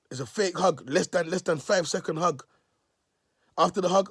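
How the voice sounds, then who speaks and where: A man's voice: sits high, brisk, no echo, clean studio sound. Preachy man, raised voice. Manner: repeatedly addresses listeners as "people"; repetitive, emotional, restarts phrases. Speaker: self-styled prophet. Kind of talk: preachy vlog monologue.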